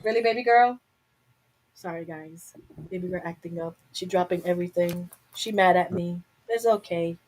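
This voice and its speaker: A woman's voice: on the low side, steady tone, normal speed, darkish tone, slight background noise, rough recording. A young adult woman hosting a casual live chat from home, talking candidly and rambling to her viewers through a webcam mic. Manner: candid, rambling, talks to herself. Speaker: live stream host.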